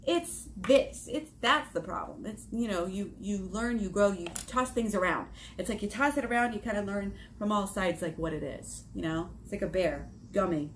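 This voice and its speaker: A woman talking casually to her viewers in a vlog about self-help, lively, swearing and acting out her own inner dialogue. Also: mid-range voice, normal speed, slight background noise. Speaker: vlogger on self-help and shadow work.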